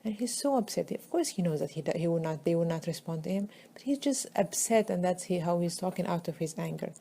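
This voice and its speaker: A woman's voice: lowish voice, animated, fast, creaky, dark tone, slight background noise. A woman telling a religious story in a conversational way, often checking in with "okay?" and repeating words for emphasis.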